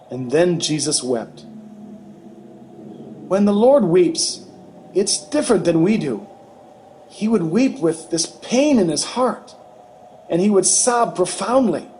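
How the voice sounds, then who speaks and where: A man narrating a testimony in a measured, earnest storytelling manner. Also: on the high side, big pitch swings, a little mellow, slight background noise, low-quality recording. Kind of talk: slow testimony reading.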